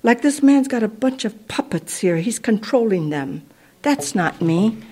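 A woman giving a personal testimony to a congregation, telling it as a lively, conversational story. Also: on the high side, a little slow, slightly rough. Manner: animated, conversational storytelling with sound effects.

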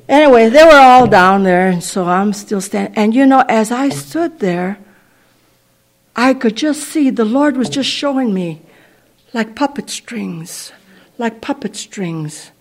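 A woman giving a personal testimony to a congregation, telling it as a lively, conversational story. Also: mid-range voice. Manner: animated, conversational storytelling with sound effects.

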